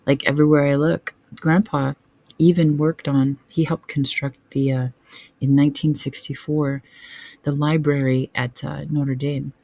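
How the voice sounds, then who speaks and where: Earnest man with gravelly low tone. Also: level tone, a little slow, warm tone, dry recording. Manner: conversational, earnest, frequent filler phrases. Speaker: family vlogger. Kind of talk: casual heartfelt vlog address.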